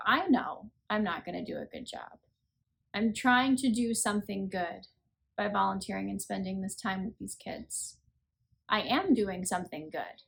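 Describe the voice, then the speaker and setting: A woman in her thirties, worn out after a long week, gives an earnest, unscripted reflection for her faith podcast. She speaks plainly and conversationally, at a medium pitch, and pokes gentle fun at her own weariness. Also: unhurried, gravelly. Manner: earnest, conversational, self-deprecating. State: tired. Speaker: podcast host.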